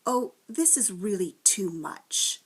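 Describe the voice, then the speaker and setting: A woman's voice: mid-range voice, sing-song, slow, slightly rough, heavily acted. A woman voicing a tall, fussy, snappish creature in a storybook reading. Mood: scolding. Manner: snappish and scolding.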